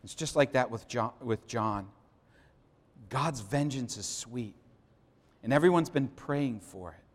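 A man preaching a sermon, moving from quiet storytelling to loud, impassioned declarations. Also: mid-range voice, lively intonation, unhurried, pauses often, big-room sound. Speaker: pastor.

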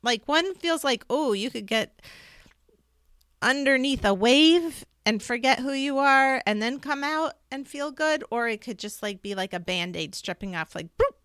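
A woman co-hosting a spiritual podcast, talking fast and rambling with fillers and restarts. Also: high voice, expressive, fairly bright tone, clear, resonant tone, no echo, clean studio sound. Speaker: podcast co-host, intuitive reader. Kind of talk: casual spiritual chat.

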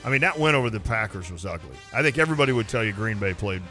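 A man co-hosting sports radio, with a bright, forward tone. His talk is animated and playfully whiny. Faint music plays under him. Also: fairly low pitch, rapid-fire. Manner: animated, self-mocking whining.

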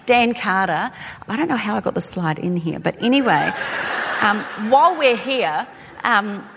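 A woman's voice: mid-range voice, unhurried, gravelly, noisy background. Chatty Australian woman in a hall. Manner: chatty, animated, laughing asides. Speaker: speaker. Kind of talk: talk to a live audience. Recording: long hall reverb.

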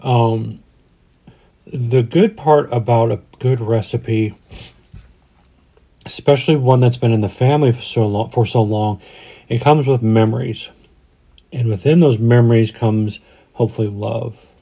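This is a man in his forties, originally from Denver, chatting on a podcast. His voice is dark and mellow, sitting at an ordinary pitch. He wanders through his thoughts and restarts his sentences as he goes. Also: steady tone, unhurried, gravelly, long pauses, slightly rough. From Denver, USA. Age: 40s. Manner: rambling, restarts often, reflective. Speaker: podcast co-host. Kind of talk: casual chat.

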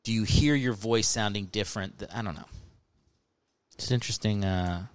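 A man's voice: on the low side, normal speed, clear, resonant tone, dry recording. A man in his thirties hosting a podcast, talking in a rambling, jokey, casual way full of fillers. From American South and New Jersey. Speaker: podcast host. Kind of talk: casual comedic monologue.

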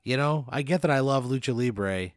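A man co-hosting a podcast, answering a comic scenario in a wry, skeptical and deadpan way. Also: mid-range voice, normal speed, dry recording, clean studio sound. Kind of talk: casual comedy banter.

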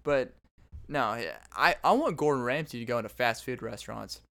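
A young man in his twenties with a smooth, resonant voice at an ordinary middle pitch. He hosts his own show and talks in a loose, rambling way, often stopping and restarting his sentences. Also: animated, normal speed, sharp tone. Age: 20s. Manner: rambling, self-interrupting storyteller. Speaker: podcast host. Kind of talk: casual solo monologue.

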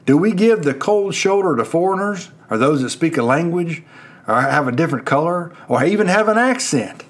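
Lively, animated male preacher. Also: fairly high pitch, normal speed. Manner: earnest, questioning the listeners, rising and falling emphasis. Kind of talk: sermon.

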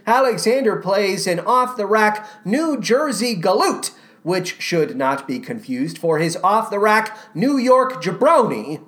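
A woman podcast host giving sarcastic, theatrical comedic commentary on a musical recording. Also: mid-range voice.

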